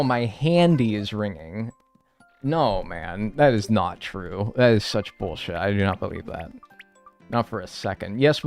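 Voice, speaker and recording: Young male streamer, lively swooping delivery, chatty joking banter with chat, faint game music under him. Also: medium pitch. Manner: animated, joking banter with sudden mock outrage. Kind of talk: casual live-stream chat, reading viewer messages.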